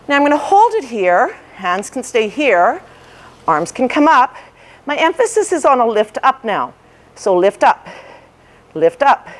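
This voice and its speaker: A woman fitness instructor guiding a ball workout, cueing form and counting reps while she exercises along, a little out of breath. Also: a little high.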